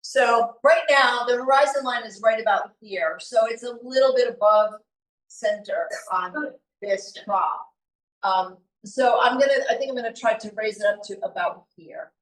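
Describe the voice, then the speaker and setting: A woman giving a live painting demonstration to an audience, talking in a relaxed, chatty way and thinking aloud as she works. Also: fairly high pitch, moderate pace. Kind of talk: live art demonstration talk. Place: meeting room with an audience. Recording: echoey room recorded from far off.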